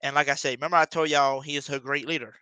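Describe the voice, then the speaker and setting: A young man runs his own football fan video and talks to his viewers with open excitement. His voice is bright and crisp, recorded dry and close. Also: on the high side, very fast, dry recording, low-quality recording. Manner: excited, addresses viewers directly. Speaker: sports fan video host. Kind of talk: casual fan commentary.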